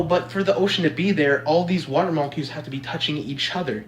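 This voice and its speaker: A man's voice: on the high side, animated, fairly quick, few pauses. Exasperated rambling young-sounding man. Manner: exasperated, rambling, frequent restarts. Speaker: vlogger. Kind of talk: casual rant to camera. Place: apartment.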